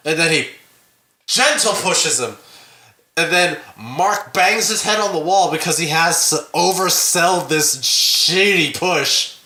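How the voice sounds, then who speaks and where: Slow-talking man in an echoey room. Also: fairly high pitch. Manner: profane, animated retelling of scenes. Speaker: podcast co-host. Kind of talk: casual movie review chat.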